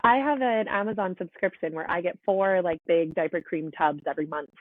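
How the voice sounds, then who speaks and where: A woman's voice: lowish voice, fairly quick, no room sound. A woman, a podcast guest and mother of quadruplets, telling her story in a frank, chatty, emphatic way over a remote call. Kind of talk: casual storytelling interview. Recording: tinny phone-like line, dry.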